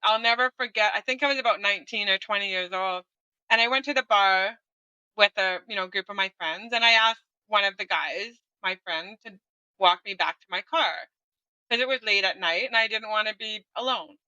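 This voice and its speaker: A woman's voice: medium pitch, moderate pace, bright, forceful tone, no echo, highs cut off. A middle-aged woman guest candidly telling her own story in conversation, often ending on a tag question. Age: 40s or older.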